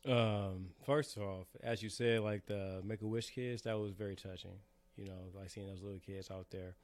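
A man's voice: lowish voice, moderate pace. Laid-back man joking on a podcast. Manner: relaxed, joking, uses lots of fillers. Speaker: podcast co-host. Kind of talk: casual chat.

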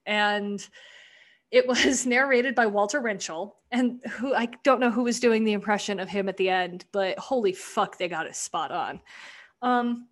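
A woman's voice: medium pitch, measured pace. A woman in casual podcast chat, rambling through a sketch recap, swearing freely and acting out quoted lines. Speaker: podcast co-host.

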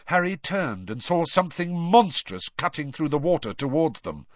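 Male audiobook narrator, animated pitch, dull lo-fi dry recording. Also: moderate pace, dry recording. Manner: expressive storytelling with shifting intensity.

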